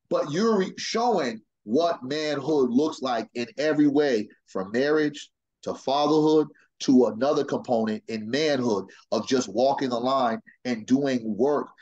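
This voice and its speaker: A man's voice: mid-range voice, a little mellow, dull audio. Man, panelist, emphatic, casual slang, video call.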